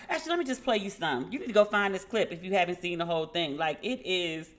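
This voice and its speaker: A woman hosting a podcast in a casual, animated way, acting out dialogue and talking frankly with profanity. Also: lowish voice, fast talker. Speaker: podcast host. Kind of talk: casual commentary.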